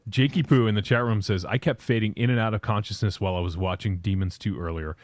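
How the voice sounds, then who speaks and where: A man's voice: fairly low pitch, fast talker, a little mellow, dry recording. A man hosting a podcast in casual chat, laughing often and reading out messages from the chat. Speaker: podcast host.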